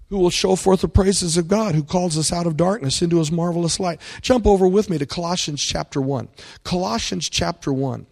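A male pastor preaching a sermon to his congregation, asking them questions and building to loud, emphatic peaks. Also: high voice, lively intonation, moderate pace, creaky.

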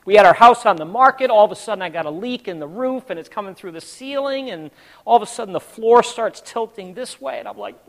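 A man preaching a sermon to his congregation, telling a story dramatically and swinging between hushed and loud, calling out to the listeners. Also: high-pitched, expressive, fairly quick, big-room sound. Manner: addresses the congregation directly.

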